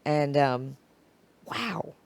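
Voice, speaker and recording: A woman with a naturally raspy voice, a podcast guest talking in a loose, rambling, swearing way. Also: low voice, animated, extremely slow, darkish tone, no echo. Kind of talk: casual podcast chat.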